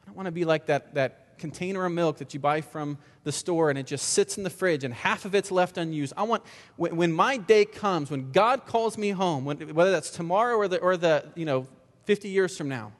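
A male pastor giving an earnest sermon, often repeating words and asking the congregation rhetorical questions. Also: on the high side. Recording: long reverb of a large hall.

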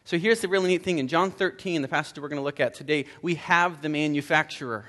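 A man's voice: fairly high pitch, fast, sharp tone. A male pastor giving an earnest, conversational sermon to a congregation in a church room, with prayer and a scripture reading, often repeating words as he speaks.

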